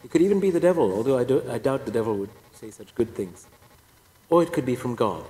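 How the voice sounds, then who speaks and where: A man's voice: medium pitch, animated, fast talker, warm tone. A priest giving a personal testimony talk, telling his story with wry, self-deprecating humor. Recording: echoey hall reverb.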